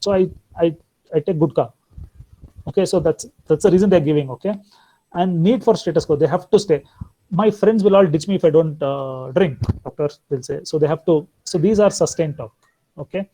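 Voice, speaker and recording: A man lectures a class in a chatty, conversational way, often checking in with a quick "okay" or "no?". His voice sits a little high for a man yet sounds soft and mellow, and he slips into short voiced asides when quoting patients. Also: low-quality recording. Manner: conversational, peppered with "okay" and "no?" tags. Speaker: lecturer on tobacco counseling.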